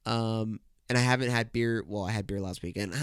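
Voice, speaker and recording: A young man runs a solo podcast, casually rambling, joking, and swearing heavily into a podcast microphone, his voice congested and nasal. He speaks in a lowish, steady voice a little fast, and his tone is clear and resonant in a dry, studio-quality recording.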